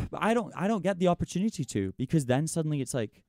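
A young adult man hosting a college radio show vents on air in an exasperated rant packed with "like" and "it's like." His voice is on the high side with big pitch swings, a darkish tone and a slightly fast pace, in clean studio sound with no room noise.

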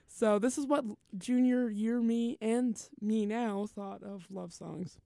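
Giggly young woman, gravelly edge. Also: fairly high pitch, slow pace, mellow, no room sound, studio quality. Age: young adult. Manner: giggly, teasing. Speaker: co-host of a student radio show. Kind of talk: casual chat.

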